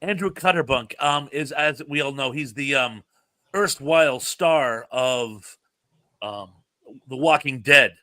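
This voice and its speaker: A man's voice: medium pitch, slow pace, pushed and bright. A man hosting a casual livestream chat, telling stories with lots of fillers and frequent laughs. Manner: chatty storyteller, laughs often, many fillers. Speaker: show host.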